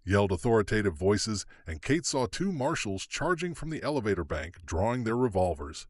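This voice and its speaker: A man's voice: lowish voice, very animated, normal speed, dry recording, clean studio sound. A man narrating an audiobook thriller dramatically, his pacing shifting with the action. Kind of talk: scripted narration.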